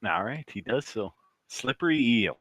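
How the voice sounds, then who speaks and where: A man's voice: mid-range voice, animated, normal speed, fairly bright tone, dry recording. A man acting as game master in a tabletop game, giving easygoing rulings.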